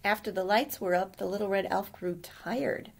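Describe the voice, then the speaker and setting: A woman reading a children's story aloud gently, pausing to ask the listener questions. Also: medium pitch, vocal fry, a little hiss or hum.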